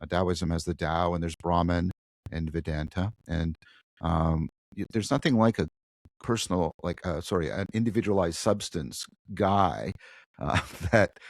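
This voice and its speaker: A man being interviewed, thoughtfully explaining ideas in a conversational podcast, with lively emphasis and frequent restarts. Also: low voice, measured pace, gravelly, dry recording. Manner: thoughtful, animated, frequent restarts and self-corrections. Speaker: guest philosopher.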